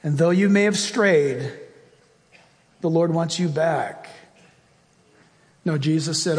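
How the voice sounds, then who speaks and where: A man's voice: a little high, takes it slowly, pauses often, in a large hall. A man preaching a sermon as pastor, emphatic and full of rhetorical questions, ending in a fervent prayer.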